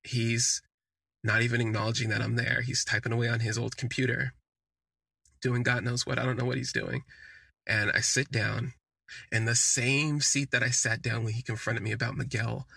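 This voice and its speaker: Gravelly-voiced man telling a personal story. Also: medium pitch, flat delivery, moderate pace, bright, forceful tone, no room sound. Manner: candid, conversational, with fillers like "um" and "like". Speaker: podcast host. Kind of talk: casual storytelling monologue.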